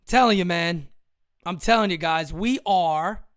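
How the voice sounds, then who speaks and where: An excitable young man with a bright, forceful voice hosts a fan livestream of a live game. He talks loud and fast, swears freely and laughs often. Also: high voice. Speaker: livestream host.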